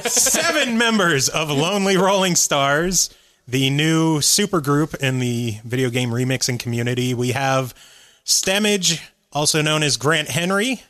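A man's voice: on the high side, expressive, unhurried, fairly bright tone. A man co-hosting a podcast, leading the introductions with casual, profane joking. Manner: swears freely and leads the introductions. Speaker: podcast co-host.

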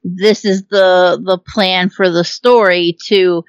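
A woman co-hosting a casual interview, chatty and quick to laugh. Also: lowish voice, fairly even intonation, smooth, dry recording, highs cut off. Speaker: podcast co-host.

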